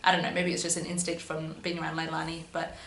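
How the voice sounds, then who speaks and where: Talking fast in a low, monotone, slightly bright voice, a young woman tells a personal story for her vlog. She keeps things casual with many "um"s and "but yeah"s, recorded in an echoey room with a faint hum.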